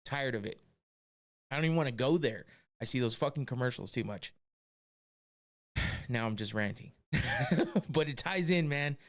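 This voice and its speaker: A man's voice: medium pitch, animated, normal speed, long pauses. A man hosting a podcast, ranting casually with lots of swearing, exasperated and often breaking into laughter. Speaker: podcast host.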